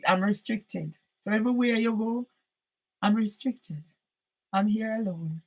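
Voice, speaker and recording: A woman's voice: medium pitch, a little slow, distant mic, rough recording. A woman arguing with a neighbour at her door who keeps asking questions, makes the neighbour repeat things and says the same words several times. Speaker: channel owner. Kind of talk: recorded doorstep argument.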